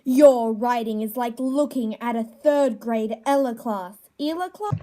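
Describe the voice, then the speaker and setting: A woman reading a comedy roast aloud in a stilted, over-enunciated way, with slow, awkward pauses. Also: a little high, dark tone. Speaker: younger self in an old video clip.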